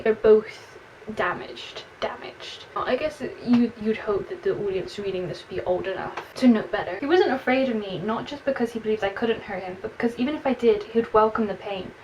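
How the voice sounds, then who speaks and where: A woman's voice: medium pitch, fairly quick, few pauses, a little mellow. A young woman with an English accent, chatting expressively through a book review and reading passages aloud, with frequent "like" fillers. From England. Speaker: book vlogger. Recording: slightly distant mic with faint room noise.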